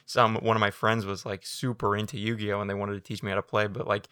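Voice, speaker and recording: A man's voice: lowish voice, little pitch movement, fast, sharp tone, clear, resonant tone, no room sound, studio quality. Rambling, self-mocking American man. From United States. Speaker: podcast co-host. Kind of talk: casual chat.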